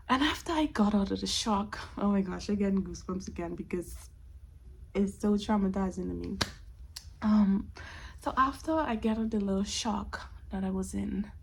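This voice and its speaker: A woman in her twenties casually telling a personal story on her vlog, expressive and often dropping to a whisper. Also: medium pitch, slightly rough. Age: 20s. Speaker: storytime vlogger.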